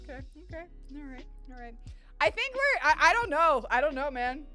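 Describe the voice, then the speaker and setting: A woman's voice: high-pitched, sing-song, brisk, pushed and bright, soft background music. A woman streamer chatting casually with her live viewers, candid and chatty, laughing often. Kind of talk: casual chat with live viewers while gaming.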